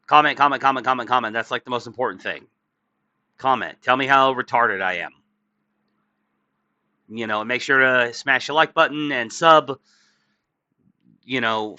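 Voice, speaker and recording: A man's voice: medium pitch, sharp tone, smooth, no room sound, dull audio. A tired, yawning man hosting a profane political commentary show. He reads news aloud with sarcastic asides and stumbles often. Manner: crude, sarcastic, stumbling over reading with many uhs. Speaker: political commentary channel host.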